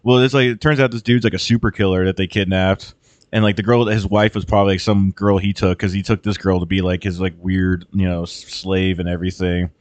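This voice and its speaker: Low-voiced man rambling through a movie plot. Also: flat delivery, a little fast, dry recording. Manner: rambling, swears a lot, acts out characters' lines. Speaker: podcast host. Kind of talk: casual chat retelling a movie.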